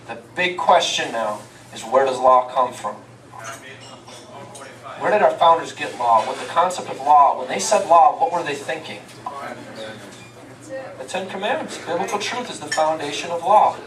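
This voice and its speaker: A man giving an emphatic, preacher-like lecture to a live audience, asking them questions and answering them himself. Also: on the high side. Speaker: touring speaker. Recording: echoey room, voice from far off.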